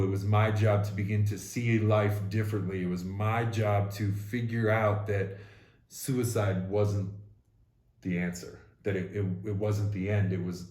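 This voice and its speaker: In a casual conversation, a podcast co-host tells his own story in a raw, blunt way, swearing freely. His voice is on the low side and a little mellow, with a roomy sound.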